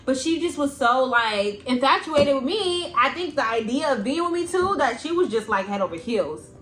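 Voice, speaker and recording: Young woman vlogger telling a story, blunt and cussing, high voice that jumps all over, echoey room. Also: normal speed, soft background music. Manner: blunt, animated and profane. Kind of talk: storytime vlog. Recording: roomy echo.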